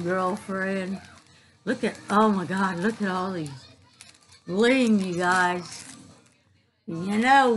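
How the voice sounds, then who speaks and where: A woman's voice: medium pitch, low-quality recording. A middle-aged woman, gushing about a gift in a casual chat to her viewers. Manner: gushing, excitable, talks straight to viewers. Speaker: crafting vlogger.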